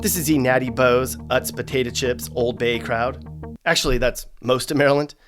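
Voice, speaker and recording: A man hosting comedic scripted narration with sarcastic, deadpan asides. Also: medium pitch, moderate pace, loud music behind the voice. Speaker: host.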